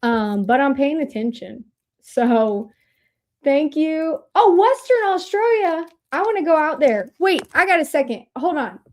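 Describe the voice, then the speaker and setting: A bubbly, excitable woman hosts a casual livestream, chatting away to her viewers. Her voice sits high and bright. She talks into a desk mic at her computer. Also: unhurried. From Indiana, USA. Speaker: livestream host.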